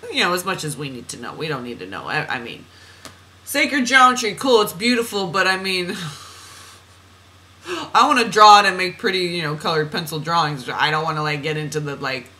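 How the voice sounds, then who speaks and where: A woman's voice: low voice, lively intonation, brisk, sharp tone, rough recording. Chatty woman reading oracle cards. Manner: chatty, laughs at herself, drifts off on tangents. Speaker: oracle card reader. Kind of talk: spiritual card reading monologue.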